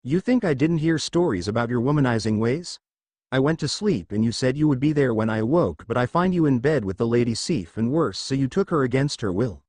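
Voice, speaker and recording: A man's voice: medium pitch, expressive, a little fast, darkish tone, no echo, natural voice. A man voicing an enraged warrior princess wife, hurling accusations in a dry, close recording. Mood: furious.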